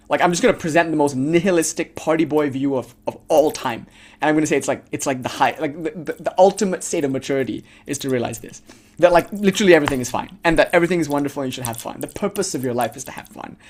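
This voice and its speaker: Fast-talking man giving a casual spiritual lecture. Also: on the high side. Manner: rambling, heavy use of "like", laughs.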